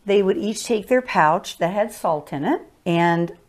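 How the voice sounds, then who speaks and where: A woman's voice: mid-range voice, expressive, measured pace. Earnest older woman teaching about marriage. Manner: earnest and explanatory.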